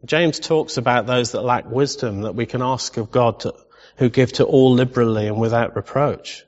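A man's voice: medium pitch, normal speed, darkish tone. A man preaching a sermon in a conversational way. He asks his listeners questions and adds playful asides. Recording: dull recording in a long-reverb hall.

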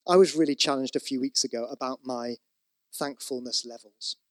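A man's voice: medium pitch, steady tone, normal speed, dry recording. A man preaching a sermon, conversational with asides, rising to emphatic repeated exhortations. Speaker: pastor.

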